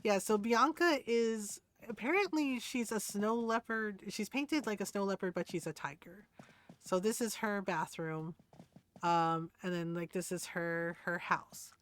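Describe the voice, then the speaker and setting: A woman's voice: medium pitch, a little slow, no echo. A young woman streamer chatting casually and rambling a little as she shows off her game.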